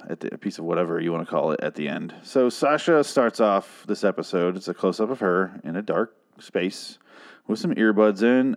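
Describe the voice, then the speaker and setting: A man hosting a solo TV review podcast, chatting casually in a rambling, profane and jokey way. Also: mid-range voice. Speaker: podcast host reviewing a TV series.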